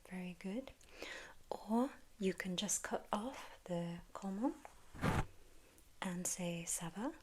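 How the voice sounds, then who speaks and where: A woman with an English accent, teaching in a whispered role-play as a gentle language tutor who prompts the listener to repeat. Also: mid-range voice, takes it slowly, noisy background.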